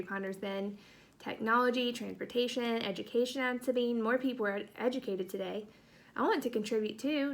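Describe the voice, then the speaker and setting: A woman teacher reads a novel aloud to her class, with a voice that sits a touch above the usual pitch for a woman. She reads with expression and lifts her voice a little whenever the children speak. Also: fairly bright tone.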